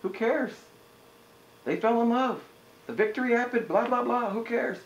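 A man voicing a rude, dismissive latecomer at a movie in a high, scoffing tone during a sermon. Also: moderate pace, echoey room, lo-fi sound. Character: dismissive late-arriving moviegoer, bored and rude.

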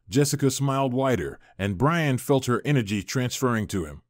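Male narrator, scripted drama storytelling, expressive with a lively pitch. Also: normal speed, hardly any pauses, no room sound, clean studio sound.

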